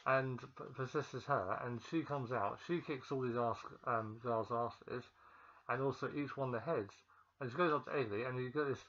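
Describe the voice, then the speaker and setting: A man's voice: medium pitch, normal speed, fairly bright tone, lo-fi sound. Man rambling through a film recap. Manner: rambling and hesitant, many ums and restarts. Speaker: film reviewer. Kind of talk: casual spoken film recap.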